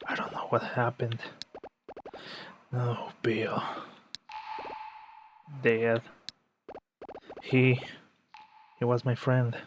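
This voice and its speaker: A man voicing a shaken young girl in a video game who speaks quietly and haltingly. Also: mid-range voice, completely flat delivery, noisy background. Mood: stunned. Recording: game music playing behind. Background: game music.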